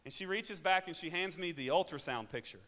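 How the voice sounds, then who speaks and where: A man with an Arkansas accent, a pastor telling a personal testimony in a sermon, moving between loud preaching and quiet asides. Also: a little high, fairly quick. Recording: hall reverb.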